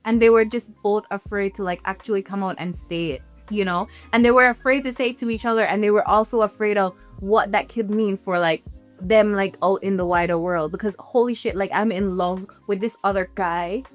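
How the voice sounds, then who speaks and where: A woman from Jamaica chatting casually in a reaction video, animated and emphatic, repeating phrases. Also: mid-range voice, a little fast, soft background music.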